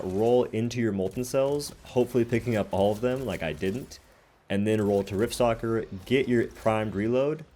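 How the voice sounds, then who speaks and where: A man's voice: lowish voice, darkish tone. A man who hosts a gaming channel, casually explaining his game builds step by step in a voice-over.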